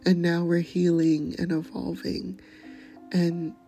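A woman hosting a podcast, speaking gently and often slipping into a breathy near-whisper as she shares encouragement and poetry. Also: on the low side, little pitch movement, slow, faint music behind. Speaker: podcast host. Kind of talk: gentle motivational talk and poetry reading.

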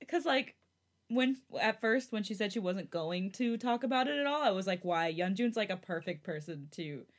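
A woman's voice: mid-range voice, expressive, normal speed. A woman co-hosting a podcast, making blunt, joking comments about a story. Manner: blunt, joking asides, swears. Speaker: podcast co-host. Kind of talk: casual chat reacting to a story.

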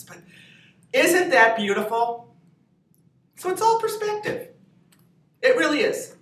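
A comedian woman in her fifties from New Hampshire, telling stories in a lively, laughing way as a podcast guest. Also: mid-range voice, normal speed, slight background noise. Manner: animated, laughing storyteller. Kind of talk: podcast interview. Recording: echoey room, distant mic, faint ambience.

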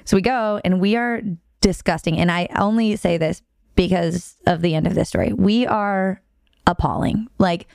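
A young woman with a slightly low, smooth and clear voice tells a story on a podcast. She talks quickly and with animation and laughs often. The sound is dry and close, with no room echo. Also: darkish tone. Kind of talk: casual storytelling chat.

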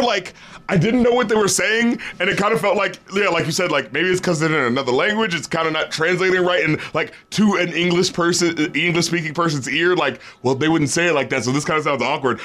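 A man's voice: on the high side, sharp tone. A man co-hosting a podcast, chatting casually about an album, laughing often and acting out quotes with some swearing. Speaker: podcast co-host. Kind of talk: casual album review chat.

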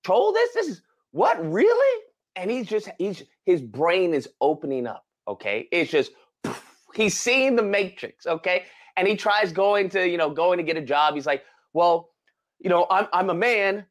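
A man co-hosting a podcast, retelling a movie plot in casual chat with animated, dramatic exclamations. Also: sits high, normal speed. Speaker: podcast co-host.

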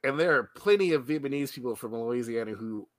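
A man co-hosting a podcast in casual chat, joking and quick to laugh. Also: medium pitch, expressive, no echo. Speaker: podcast co-host.

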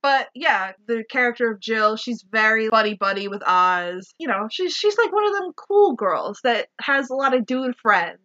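Woman, podcast co-host, casual chat, sarcastic, a bit high, bright tone, lo-fi sound. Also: animated, moderate pace, few pauses. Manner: sarcastic, swears, laughs often.

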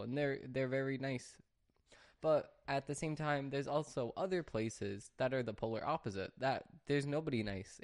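Man, restaurant worker, casual rant, rambling with fillers, exasperated, middle pitch. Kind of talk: casual talk to camera.

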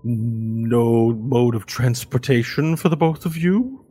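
A man's voice: takes it slowly, mellow. A man voicing a formal, welcoming male impresario of a pleasure house in a tabletop game, speaking in a theatrical, courtly manner. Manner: smooth, theatrical, welcoming, raised pitch.

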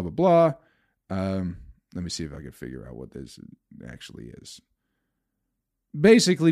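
A man's voice: mid-range voice, darkish tone, no room sound, studio quality. Profane, ranting male podcast comedian. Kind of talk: solo rambling podcast monologue.

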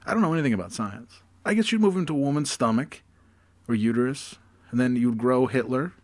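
A man's voice: medium pitch, animated, a little fast. A man co-hosting a casual comedy chat, rambling and profane with many restarts.

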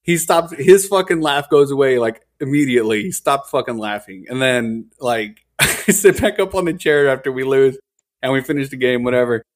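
A young man hosts a loose podcast chat with a middle-pitched voice, telling a gaming story with animated, profane energy. He keeps saying dude and hella. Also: moderate pace.

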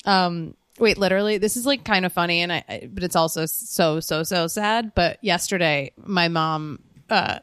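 A woman's voice: on the low side, moderate pace, a bit bright, clear, resonant tone, dry recording, clean studio sound. A woman in her twenties co-hosting a podcast, chatting casually and emotionally, often laughing through sad stories. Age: 20s. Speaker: podcast co-host. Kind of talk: casual chat.

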